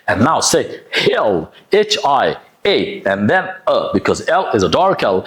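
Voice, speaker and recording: A man teaching pronunciation, sounding out words slowly with exaggerated, breathy H sounds and encouraging praise. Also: mid-range voice, sing-song. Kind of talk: phonics lesson, modeling words slowly.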